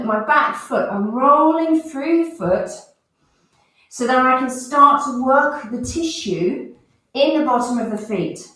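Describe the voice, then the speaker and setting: A woman leading a morning stretching and breathing class, coaching calmly with audible sighs and breaths. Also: mid-range voice. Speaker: movement and breath instructor. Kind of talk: guided exercise instruction. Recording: roomy sound from far off the mic.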